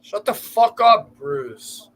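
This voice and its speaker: High bright american guy, swears a lot, joking around on a football stream. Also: big pitch swings, takes it slowly. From United States. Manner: loud, profane, jokey. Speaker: co-host of fan watchalong. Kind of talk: casual live-stream chat.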